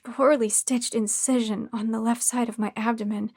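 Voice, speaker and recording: Woman narrator, first-person horror, hushed and tense, slightly high voice. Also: little pitch movement, moderate pace, hardly any pauses, no echo, studio quality.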